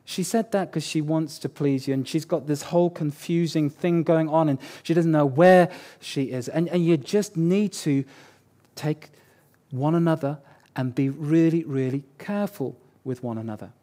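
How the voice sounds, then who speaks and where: A man's voice: on the high side, moderate pace, warm tone. A man preaching a sermon as pastor, conversational and joking, repeating key words for emphasis.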